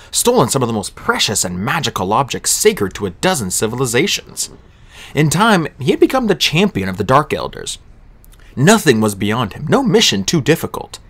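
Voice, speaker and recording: Expressive male audiobook narrator. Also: mid-range voice.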